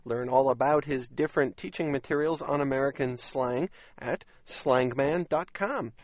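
A man hosting a radio program, reading a measured, scripted announcement. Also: medium pitch, no echo.

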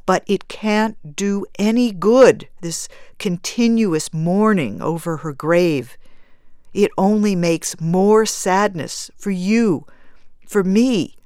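A woman reading aloud, voicing a patient husband who speaks gently and coaxingly to his grieving wife. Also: medium pitch, slow, clear, resonant tone, no room sound, clean studio sound, lightly acted. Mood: gentle.

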